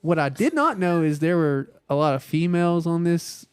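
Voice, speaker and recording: A man's voice: fairly high pitch, expressive, slight background noise. A man co-hosting a podcast in easygoing casual chat, telling stories that poke fun at himself. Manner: easygoing, quick to laugh, joking about himself. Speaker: podcast co-host.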